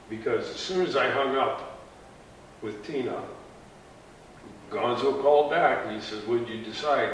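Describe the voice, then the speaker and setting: A man's voice: medium pitch, fairly bright tone. Middle-aged man telling his story, echoey and distant. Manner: plain, conversational storytelling with pauses and restarts. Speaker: heart transplant recipient. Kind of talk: personal story told to an audience. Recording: echoey room from far off with faint noise.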